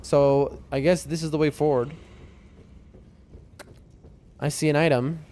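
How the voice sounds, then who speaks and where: A man's voice: on the high side, fairly even intonation, measured pace, dark tone, slight background noise. A man streaming a game from his room at home, chatting loosely with his viewers in a rambling way. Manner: chatty, rambling, talks to chat and his cat. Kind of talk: casual live-stream chat.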